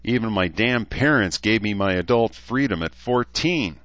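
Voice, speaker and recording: A man's voice: lowish voice, animated, moderate pace, fairly bright tone, lo-fi sound, pitched above the performer's own voice. A man voicing a young man who jokes about himself with dry asides. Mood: earnest. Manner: joking, dry self-mocking asides. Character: young man, wry self-deprecating joker.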